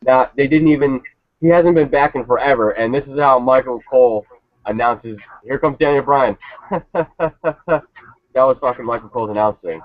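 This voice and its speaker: A man's voice: mid-range voice, fairly even intonation, a little fast, no room sound. A man on a casual review panel, ranting with profanity and sarcasm. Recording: tinny phone-like line, dry.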